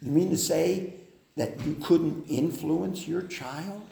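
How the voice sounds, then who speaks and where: A man preaching a sermon on family life, slow and deliberate, with hesitant fillers. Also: on the high side, gravelly, mellow. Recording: echoey hall with faint noise.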